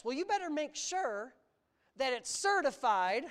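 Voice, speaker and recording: A preacher delivers a sermon with a very lively, swooping pitch that rises and falls all the time. The delivery is emphatic and animated, drawing out key words and slipping in sarcastic asides. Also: normal speed.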